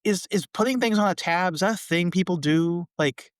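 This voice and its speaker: A man co-hosting a podcast, casually recapping a sitcom episode with a relaxed, chatty delivery. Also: sits high, moderate pace, no room sound, studio quality. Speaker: podcast co-host.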